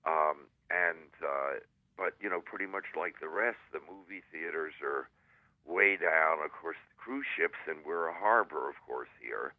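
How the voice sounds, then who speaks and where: An older man with a very low voice talks over a thin, tinny phone line. He rambles and stops himself often, padding the talk with fillers before landing on a corny joke. The line sounds dry and close. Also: dry recording. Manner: rambling, halting, with many fillers and jokes. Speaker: guest columnist. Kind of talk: casual radio chat over the phone. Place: at home in San Diego.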